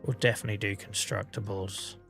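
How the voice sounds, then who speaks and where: An English man rambles through a casual game livestream, poking fun at himself as he goes. He is under the weather and coughing, and his voice has a bright, forceful edge. Soft music plays faintly behind him. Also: on the low side, steady tone, brisk, gravelly. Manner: chatty, rambling, self-mocking. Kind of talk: casual gameplay commentary.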